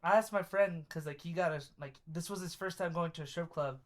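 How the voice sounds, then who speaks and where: A man's voice: fairly high pitch, fairly quick. A young man co-hosting a casual podcast, telling a story with lots of laughter and quoting his friends in their voices. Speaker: podcast co-host. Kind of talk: casual chat.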